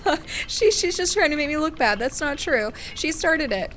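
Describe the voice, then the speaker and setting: A woman's voice: sits high, lively intonation, normal speed, a bit bright, slight background noise, voice pushed up. A woman doing feisty, snappy Natsuki. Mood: defensive. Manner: snappy, insulting. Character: small feisty teenage girl, sharp-tongued and defensive.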